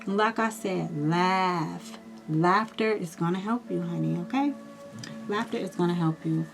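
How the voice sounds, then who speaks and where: Chatty woman giving a tarot reading. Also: medium pitch. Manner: chatty, reassuring, addresses viewers directly. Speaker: tarot reader. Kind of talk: casual astrology reading.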